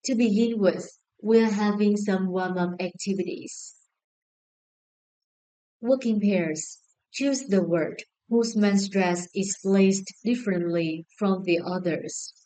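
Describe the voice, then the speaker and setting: A woman with a Vietnamese accent teaching an English lesson, slow and deliberate, spelling out each word and syllable. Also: mid-range voice, mellow, low-quality recording. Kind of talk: scripted lesson narration.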